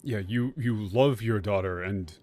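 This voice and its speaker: Slow, halting male game streamer. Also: fairly low pitch, darkish tone, faint music behind. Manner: halting, many restarts, casual swearing. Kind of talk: live gameplay commentary.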